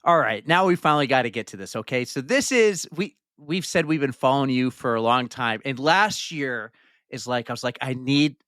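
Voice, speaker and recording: A man's voice: medium pitch, animated, fairly quick, fairly bright tone, no room sound, studio quality. A man hosting a running podcast, introducing his guest in a casual, rambling way. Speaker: podcast host.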